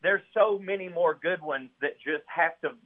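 A man's voice: fairly high pitch, moderate pace. A man with a Southern US accent, a guest author talking earnestly, laughing easily. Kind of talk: casual chat. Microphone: phone line. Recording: tinny phone line.

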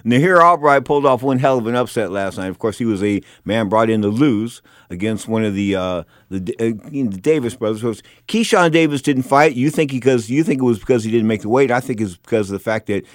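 A man's voice: medium pitch, fast talker, hardly any pauses, dry recording. A man hosting a sports talk radio show in a studio, rambling and stumbling in casual chat.

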